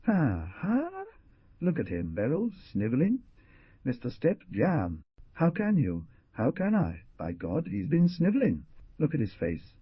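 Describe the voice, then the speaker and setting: A man putting on a loud jeering brute of a man. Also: fairly high pitch, wildly swooping pitch, a little slow, breathy edge, no echo, pitched above the performer's own voice, exaggerated voice. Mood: mocking. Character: big coarse mocking brash man. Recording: dull lo-fi recording.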